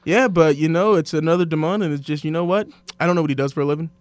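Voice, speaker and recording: A man hosting a casual sports podcast, telling stories and quoting others in lively voices. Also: a little high, rapid-fire, no room sound. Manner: animated storyteller, quotes others in voices. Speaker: sports radio host.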